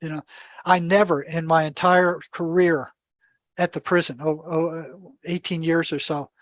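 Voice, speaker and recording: An older man speaking as an interview guest, his voice sitting somewhat high for a man. He tells his stories with animation and acts out the dialogue, often stumbling over and repeating words. The recording is close and dry. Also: level tone, moderate pace, no echo. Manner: repeats words and restarts sentences. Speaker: podcast guest. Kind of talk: storytelling in an interview.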